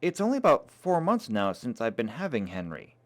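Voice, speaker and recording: A man's voice: mid-range voice, wildly swooping pitch, fairly quick. A man reading aloud, voicing a defiant, slightly sulky young woman.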